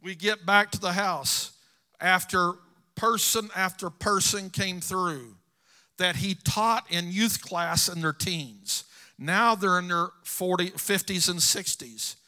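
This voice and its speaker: A man's voice: high-pitched, slow, sharp tone. A middle-aged man preaching a sermon, telling personal stories earnestly to his congregation. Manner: storytelling, earnest, addresses congregation.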